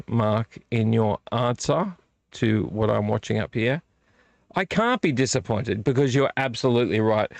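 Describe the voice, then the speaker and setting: Middle-aged male vlog host, sleepy and yawning, chatty ramble with many self-corrections, dry close mic, average pitch. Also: no room sound. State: tired, yawning. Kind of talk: casual live-stream chat. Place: home collection room. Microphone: desk microphone.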